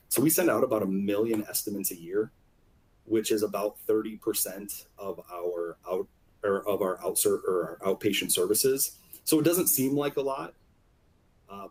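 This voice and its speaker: Guy on a panel, lowish voice, explains stuff step by step, keeps saying right. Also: a little mellow. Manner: explanatory, often adds "right?". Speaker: revenue cycle leader, panelist. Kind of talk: panel discussion.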